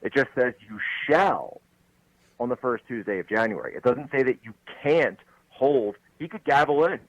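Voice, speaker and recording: Pennsylvania guy on talk radio, middle pitch, intense, going point by point, dry sound. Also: expressive, normal speed, no echo, highs cut off. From Pennsylvania, USA. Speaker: guest commentator. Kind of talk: political talk radio interview.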